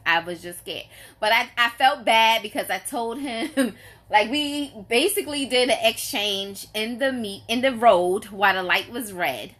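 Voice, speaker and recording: A woman's voice: fairly high pitch, unhurried, a bit bright. A woman, telling a story to her live chat in a casual, emphatic, exasperated way, repeating herself for effect. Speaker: vlogger greeting live viewers.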